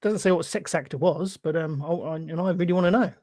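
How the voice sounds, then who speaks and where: A man's voice: a little high, quick pace, a little mellow, no echo. A man co-hosting a podcast, chipping in with dry, teasing remarks. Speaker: podcast co-host. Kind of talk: casual chat.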